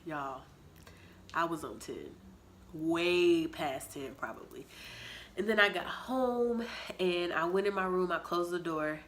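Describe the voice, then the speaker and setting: A young woman telling a story from her teen years to the camera, with a slightly low voice. She talks with a dramatic, animated flair, acting out lines and adding sound effects as she goes. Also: slow, a little hiss or hum. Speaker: vlogger. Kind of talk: storytime vlog.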